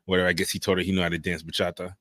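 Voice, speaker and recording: A middle-aged man co-hosting a casual podcast, telling stories in an animated, playful way and swearing now and then. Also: low voice, racing, dry recording, clean studio sound. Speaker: podcast co-host. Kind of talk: casual chat.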